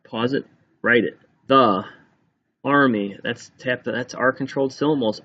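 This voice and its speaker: Slow, patient male teacher dictating spelling. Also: medium pitch, steady tone, sharp tone. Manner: sounds out words slowly and repeats them. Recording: dull lo-fi recording.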